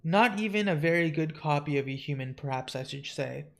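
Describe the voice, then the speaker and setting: A kindly, folksy spirit in human form, voiced by a man with a gently raised voice. He talks softly and apologetically. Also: on the high side, animated, a little fast, creaky. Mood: apologetic.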